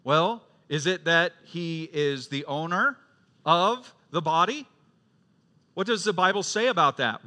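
A middle-aged man preaching a sermon as a pastor, swinging from loud emphatic questions to quiet storytelling. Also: high voice, lively intonation, unhurried.

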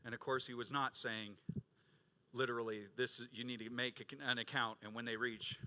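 A middle-aged male pastor preaching a sermon, rising to loud emphatic peaks and dropping to quiet low stretches, acting out quoted voices. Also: steady tone, moderate pace, clean tone. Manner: acts out quoted voices of congregants and Jesus.

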